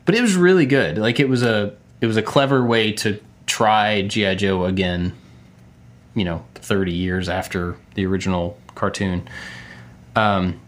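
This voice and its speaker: Middle-aged man, podcast co-host, casual chat, somewhat low voice, rambling storyteller. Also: normal speed. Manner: chatty storyteller, frequent fillers and laughs.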